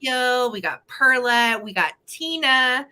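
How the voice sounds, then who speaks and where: Bubbly woman live-stream sale host, bright tense voice, chatty, greets viewers by name. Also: sits high, expressive, slow. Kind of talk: casual live-stream chat.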